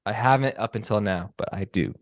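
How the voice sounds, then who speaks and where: A man co-hosting a sports podcast in casual chat, hesitant and halting, trailing off and chiming in briefly. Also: lowish voice, no echo, clean studio sound. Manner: hesitant, filler-heavy, laughs along. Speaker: podcast co-host.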